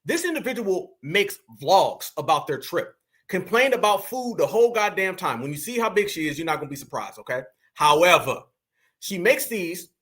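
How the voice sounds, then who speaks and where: High, animated man ranting on reactions. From United States. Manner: animated, heated, repetitive and profane. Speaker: commentary channel host. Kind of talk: reaction commentary to a live chat.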